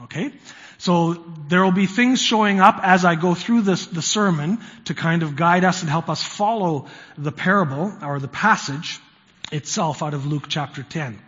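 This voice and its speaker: A pastor with a high, light voice delivers a sermon in a casual, conversational way, leaning hard into key words. His voice rings out with a long reverb through the church sanctuary, and the sound is slightly dull and muffled. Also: moderate pace, a bit bright.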